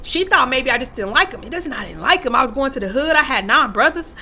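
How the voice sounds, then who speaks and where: A woman's voice: high-pitched, very animated, fast, bright, forceful tone, a little hiss or hum. A woman in her thirties talking candidly to the camera, emphatic and acting out quotes as she tells stories about parenting. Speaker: vlogger and mother. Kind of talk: casual talk to camera.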